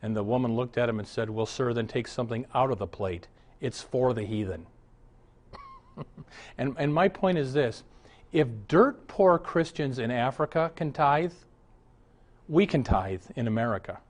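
A man's voice: medium pitch, normal speed. Male pastor preaching, story-driven and earnest, mid-range voice. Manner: animated storytelling, mixes humor with exhortation. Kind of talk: sermon.

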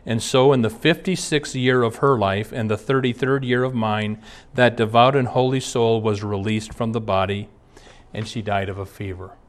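A man, a pastor, giving an earnest sermon built around personal stories, reading passages aloud and then recounting anecdotes from his ministry. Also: mid-range voice. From Twin Cities area.

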